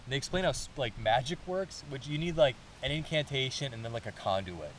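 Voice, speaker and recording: A man's voice: medium pitch, a little fast, slight background noise. A man co-hosting a podcast, chatting casually and recapping a manga plot, acting out the characters' lines as he goes. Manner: animated, acts out characters' lines mid-story. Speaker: podcast co-host.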